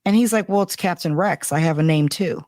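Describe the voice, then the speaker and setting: A woman's voice: on the low side, fairly quick, darkish tone, no room sound, studio quality. A woman co-hosting a casual fan podcast, talking in a chatty, blunt way. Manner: chatty, blunt, laughing along. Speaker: podcast co-host. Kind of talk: casual chat.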